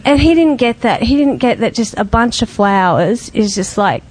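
Woman telling a lively story. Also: on the high side, normal speed, poor audio. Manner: lively, laughs often, acts out quoted voices. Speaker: group member sharing a testimony. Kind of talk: casual personal storytelling.

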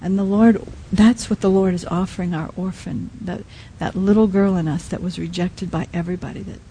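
A woman preaching a sermon in a soft, halting way, often dropping to a quiet hush. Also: fairly low pitch, steady tone, a little hiss or hum, low-quality recording. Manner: soft, halting, many restarts and fillers. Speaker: speaker at a Christian teaching.

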